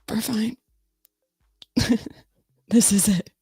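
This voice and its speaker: A woman talks in an unhurried, offhand way to her livestream chat, poking fun at herself as she fusses with her audio. Her voice is low and gravelly with a lot of fry. The sound is dry and close, with faint music underneath. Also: a little mellow, dry recording. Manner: chatty and self-mocking, fiddling with audio settings. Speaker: livestream host.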